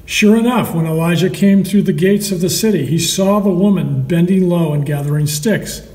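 A man reading a Bible story aloud to children in a slow, measured storytelling way. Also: high-pitched, a little mellow. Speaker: Sunday school storyteller. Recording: echoey hall, mic far off.

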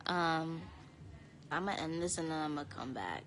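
A tired young woman chatting casually to viewers on a phone live stream from home, talking in a drowsy, low-energy way. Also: sing-song, normal speed, gravelly, a bit bright, low-quality recording. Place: home, indoors.

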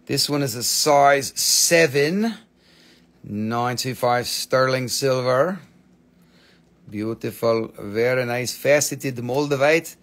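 A man's voice: mid-range voice, slow pace, fairly bright tone. A man selling stones on a live shop stream, in joking patter with playful broken English. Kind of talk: live sales pitch.

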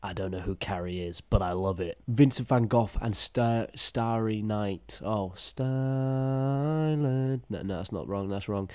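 A man giving crude, mocking reaction commentary with deadpan asides. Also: low voice, moderate pace, few pauses. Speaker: YouTube commentator.

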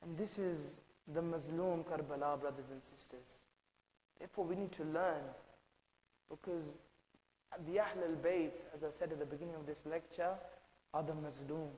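A young man in his twenties, from the United Kingdom, giving an impassioned mourning sermon that swings from hushed to shouted and chanted lament. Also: fairly high pitch, steady tone, moderate pace. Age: 20s. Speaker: lecturer. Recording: echoey hall with long reverb.

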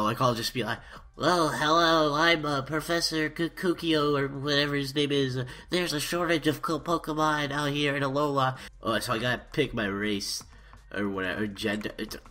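A man's voice: medium pitch, a bit bright, breathy edge. A young man doing parody let's-play commentary, stammering and overhyped in a mock-earnest way. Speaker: YouTuber.

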